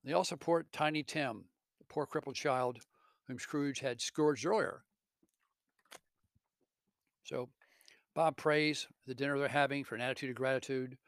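Male teacher type, earnest story retelling, mid pitch, dry close mic. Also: steady tone, a little slow, long pauses, no echo. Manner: earnest, with self-corrections.

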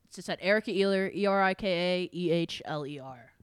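A woman's voice: on the low side, fairly quick, smooth. A woman comedian guesting on a podcast, laughing often and trailing off in casual chat.

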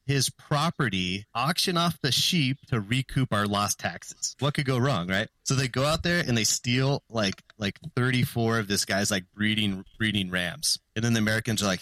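A man's voice: on the low side, normal speed, hardly any pauses, pushed and bright, dry recording. A young man co-hosting a casual podcast, telling a history story and quizzing his friends. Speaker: podcast co-host.

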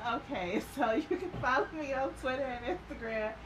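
A woman's voice: high-pitched, noisy background. Sassy woman podcast co-host. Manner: sassy, teasing, exclamatory. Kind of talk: casual banter.

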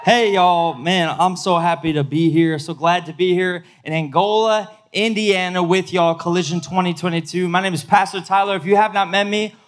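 A young man with a notably high voice delivers a casual youth sermon. He talks fast and loose, full of slang, stories and direct questions to the audience. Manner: energetic, casual slang, addresses crowd directly. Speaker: pastor. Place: event hall with live audience.

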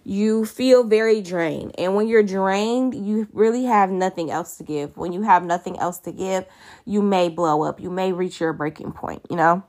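A woman's voice: medium pitch, moderate pace, darkish tone. Chatty woman giving casual self-care talk. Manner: conversational, chatty with fillers, addresses listeners as y'all. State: tired, yawning. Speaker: podcast host.

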